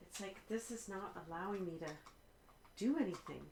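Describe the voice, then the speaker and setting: A woman's voice: mid-range voice, animated, normal speed, warm tone, roomy sound, slight background noise. A woman streaming a game, grumbling and muttering to herself in exasperation. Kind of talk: casual live-stream talk.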